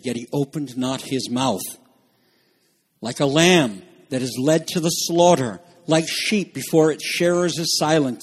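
A man preaching a sermon with passion, swinging between soaring shouts and hushed, low asides. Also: breathy edge. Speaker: pastor.

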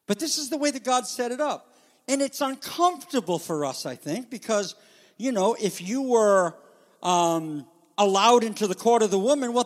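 A man preaching a sermon as pastor, with animated, dramatic emphasis, speaking to a congregation. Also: very high voice. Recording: long hall reverb.

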